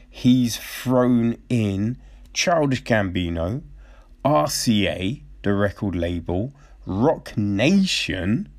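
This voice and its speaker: Guy doing a laid-back commentary rant, slow and drawn out, voice bouncing all over, laughs a lot and swears, mimics folks for a line. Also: medium pitch, darkish tone. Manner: laughs often, swears, mimics others in quick asides. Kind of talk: casual commentary monologue.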